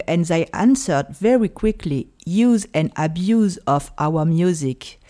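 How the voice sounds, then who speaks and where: Slow-spoken French woman, warm and dry. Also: on the low side. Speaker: podcast host. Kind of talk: podcast monologue.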